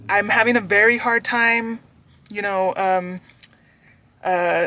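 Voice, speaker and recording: Young woman, bright and sharp in tone, exasperated book vlogger ranting with heavy profanity. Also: medium pitch. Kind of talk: casual ranting book review.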